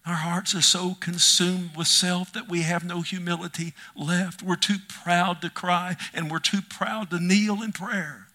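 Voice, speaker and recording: A middle-aged male preacher delivering an impassioned sermon, swinging from loud cries to hushed near-whispers. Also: high-pitched, steady tone, unhurried, few pauses.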